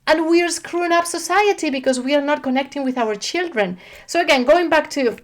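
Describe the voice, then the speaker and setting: Woman, 30s, parent coach, casual to-camera talk, chatty, animated, restarts often, slightly high voice. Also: brisk.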